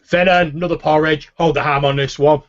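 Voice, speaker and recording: A man's voice: on the high side, fairly even intonation, brisk, muffled recording, pitched above the performer's own voice, lightly acted. A man voicing a surly, blunt male orc barkeep who talks crude and brusque. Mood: gruff.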